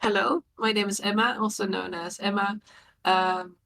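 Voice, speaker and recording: Woman from the Netherlands, mid pitch, rambling and hesitant, faint background noise. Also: steady tone, normal speed, gravelly, a bit bright, rough recording. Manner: hesitant, rambling, self-amused. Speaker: writer, player. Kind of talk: casual podcast chat.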